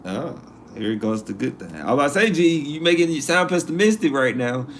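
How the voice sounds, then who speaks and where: A man's voice: medium pitch, brisk. A man hosts a live stream in loose, slangy chat, answering viewers' comments as he reads them. His voice sits in the middle range, and he repeats and rephrases himself often. A faint noise hums behind him. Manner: animated, repeats himself, slangy asides and laughs.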